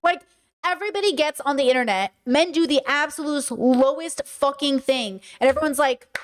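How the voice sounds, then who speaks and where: A young adult woman hosting a casual livestream commentary, blunt and animated, now and then slipping into silly voices and sung bits. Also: high voice, normal speed, a little hiss or hum. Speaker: podcast host and live streamer.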